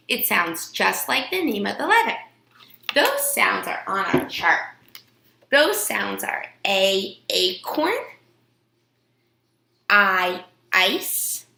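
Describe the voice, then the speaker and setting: A woman's voice: medium pitch, gravelly, bright, forceful tone, roomy sound. A woman teaching a phonics lesson to young children, stretching out words and sounds and answering her own questions in a sing-song way.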